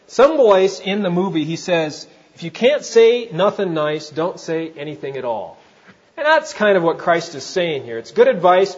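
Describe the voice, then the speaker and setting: A man's voice: fairly high pitch, lo-fi sound. A male pastor preaching a sermon, talking conversationally and asking the congregation direct questions.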